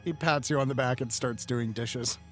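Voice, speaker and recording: A man's voice: medium pitch, moderate pace, a bit bright, faint music behind. A man narrating a tabletop game as game master, often amused and laughing.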